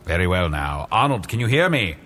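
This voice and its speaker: A man's voice: low-pitched, sing-song, a little fast, very noisy. A man playing a formal, mischievous male wizard with theatrical phrasing in a comedy tabletop game. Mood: playful.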